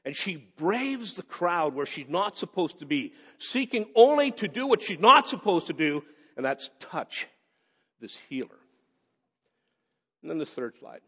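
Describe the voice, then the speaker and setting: A man's voice: fairly high pitch, a bit bright, slightly rough. A man preaching earnestly, reading scripture and then building his points with short, repeated emphatic phrases. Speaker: pastor. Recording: dull sound with long hall reverb.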